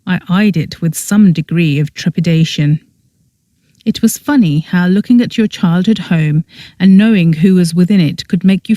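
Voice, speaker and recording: Mellow, dry-voiced audiobook narrator. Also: mid-range voice, no room sound. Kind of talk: scripted first-person narration.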